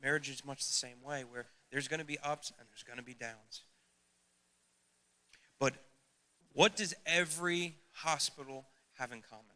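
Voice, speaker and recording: A man's voice: mid-range voice, normal speed, pauses often, sharp tone. Earnest man preaching to youth. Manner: earnest, emphatic, addresses the youth directly. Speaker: youth pastor. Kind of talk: sermon.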